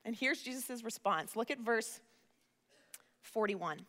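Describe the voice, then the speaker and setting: A woman's voice: on the high side, lively intonation, takes it slowly, bright, forceful tone. A woman giving a sermon in an earnest, conversational way, often repeating words as she starts a phrase. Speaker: preacher. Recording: reverberant hall.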